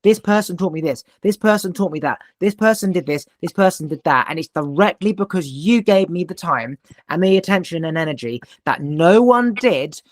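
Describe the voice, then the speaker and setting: A man's voice: high voice, lively intonation, moderate pace, no room sound, studio quality. A man hosting a podcast, telling a personal story in an intense, emphatic way and swearing now and then. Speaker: podcast host. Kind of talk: casual conversation.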